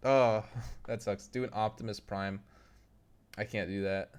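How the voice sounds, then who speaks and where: A man's voice: on the low side, fairly even intonation, a little slow, a little mellow, clear, resonant tone. A young man streaming live, chatting casually with his viewers, reading their messages aloud and laughing often. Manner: loose, laughing, reads chat aloud and tries impressions.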